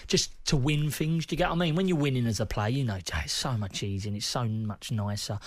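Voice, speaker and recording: A man, a former footballer telling stories in a relaxed podcast chat, slangy and often laughing. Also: medium pitch, fast, no room sound. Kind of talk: casual podcast storytelling.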